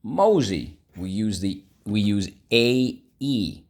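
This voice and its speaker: A man's voice: fairly low pitch, sing-song, slow pace, darkish tone. A man teaching a vocabulary lesson, upbeat and coaxing, repeating each word for students to echo.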